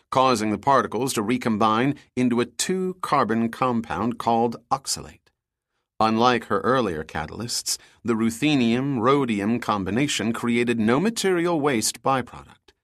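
Male audiobook narrator, average pitch, steady, dry close recording. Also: no echo. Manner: steady, measured storytelling. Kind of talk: scripted narration.

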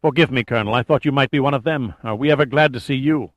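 A man's voice: mid-range voice, fast, no echo, lightly acted. A man voicing a stiff, impatient male cruise ship captain under strain.

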